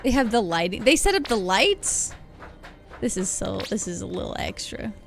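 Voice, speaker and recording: A young woman streaming a game, chatting loosely and giggling at what she sees. Her voice sits in an ordinary middle pitch. Faint game music plays beneath her. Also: big pitch swings, normal speed, vocal fry. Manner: giggly, chatty, self-deprecating. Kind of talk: casual live gameplay commentary.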